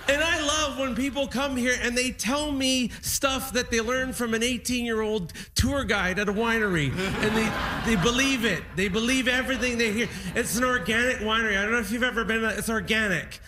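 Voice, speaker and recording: A man's voice: extremely high pitch, normal speed, hardly any pauses, noisy background. A man doing a stand-up set on a live festival stage, working the crowd with mocking quoted voices. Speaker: stand-up comedian.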